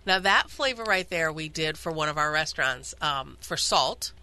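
Shop owner guest in a radio studio, upbeat and chatty, bright and tense tone. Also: mid-range voice, expressive, normal speed, clean tone. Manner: chatty, enthusiastic, many fillers. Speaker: ice cream shop owner.

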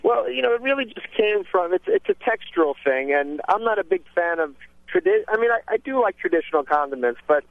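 Male chef guest on call-in radio, slightly high voice, rambling delivery, tinny phone line. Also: lively intonation, fairly quick, no room sound. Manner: rambling, with many restarts. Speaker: chef and cookbook author guest. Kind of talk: casual radio interview talk.

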